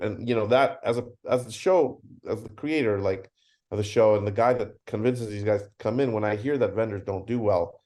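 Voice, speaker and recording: A man's voice: lowish voice, normal speed. A middle-aged man, a convention founder, telling stories in a casual interview and acting out the dialogue in them. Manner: animated storyteller acting out dialogue.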